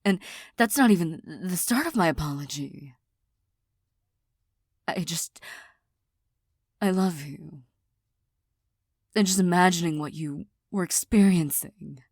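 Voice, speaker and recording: Soft, halting woman in whispered role-play. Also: lowish voice, no room sound, clean studio sound. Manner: soft, halting, apologetic, many restarts. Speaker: girlfriend in audio role-play.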